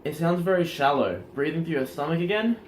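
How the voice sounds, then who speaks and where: An energetic man coaching on confidence, his voice sitting a little high. He demonstrates as he goes and keeps asking if you're following, in a relaxed, casual way. A faint hum runs underneath. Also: brisk. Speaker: self-improvement coach. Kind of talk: casual instructional talk.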